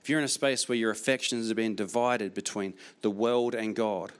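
A man's voice: on the low side, fairly even intonation, normal speed, smooth. Man preaching with emphatic repetition. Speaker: pastor. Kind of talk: sermon.

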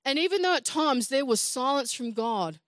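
Earnest high-voiced woman preaching. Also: animated, normal speed, fairly bright tone, dry recording. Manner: earnest, rising to emphatic scripture reading. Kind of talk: sermon.

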